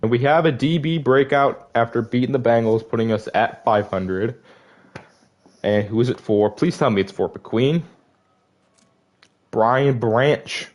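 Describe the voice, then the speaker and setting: A man's voice: mid-range voice, darkish tone. A young man giving casual gameplay commentary, frustrated and disappointed as he rambles through season stats. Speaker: gaming video creator.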